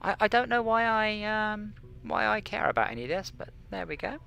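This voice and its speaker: Streaming a space game, a man with a high, gravelly voice talks a little fast and with lots of animation, his tone bright and forceful. His casual gaming chatter wanders, pokes fun at himself, and includes muttering to himself mid-play.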